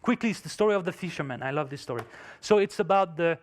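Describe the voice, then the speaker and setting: A quick, lively man with a slightly high voice tells a story during a motivational conference talk. He speaks emphatically in English, which is not his native language, and his phrasing is non-native.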